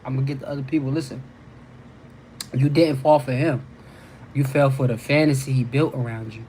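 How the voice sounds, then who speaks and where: A man's voice: medium pitch, steady tone, brisk, mellow, low-quality recording. Guy hosting a live call, blunt and emphatic, bit of hiss behind. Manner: direct and emphatic, keeps asking "you know what I'm saying". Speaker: host. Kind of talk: live call-in advice talk.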